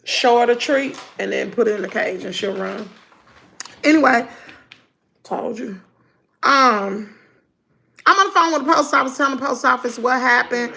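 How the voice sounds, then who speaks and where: A middle-aged woman, telling her viewers a story in a lively storytime chat. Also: on the high side, moderate pace, gravelly, long pauses. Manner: animated, talks to viewers as y'all. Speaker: vlogger.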